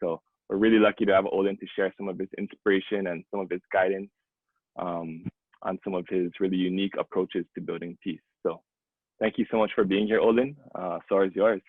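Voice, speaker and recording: Man, earnest host, husky, thin phone-like audio. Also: low voice, flat delivery, brisk, no room sound. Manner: earnest, gracious, a few fillers. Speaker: webinar host. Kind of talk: scripted introduction. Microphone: video call.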